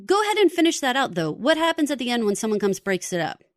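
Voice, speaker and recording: A woman's voice: fairly high pitch, sing-song, fast, dry recording, clean studio sound. A woman co-hosting a podcast in casual, conversational chat, full of likes and you-knows. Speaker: podcast co-host.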